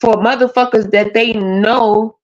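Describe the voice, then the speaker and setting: A woman's voice: on the high side, steady tone, unhurried. A woman, ranting bluntly and profanely as a panelist on a live stream. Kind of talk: casual rant on a live panel. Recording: dull lo-fi stream audio.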